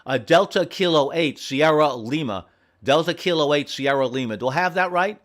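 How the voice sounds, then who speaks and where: A man running an amateur radio station from home, friendly and repeating call signs slowly and carefully. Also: on the high side. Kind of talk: on-air radio contacts, reading call signs.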